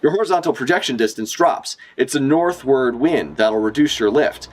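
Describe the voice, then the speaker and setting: An earnest young genius girl explains the science behind things in a precise, lecturing tone, put on by a man reading a manga aloud. Her voice sits well above the reader's own, with a lively rise and fall. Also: mid-range voice, moderate pace, voice pushed up, lightly acted. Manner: precise, lecturing, matter-of-fact.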